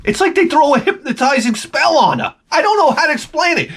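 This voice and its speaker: Animated man ranting. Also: very high voice, a little fast, few pauses. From Long Island, New York. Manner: animated, profane, exasperated. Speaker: vlogger. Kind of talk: casual storytelling rant.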